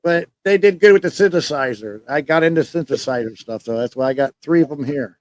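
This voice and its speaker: A man's voice: a little high, expressive, brisk, darkish tone, poor audio. A man in a casual podcast chat, talking eagerly about music. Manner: enthusiastic, chatty music fan. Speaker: podcast co-host.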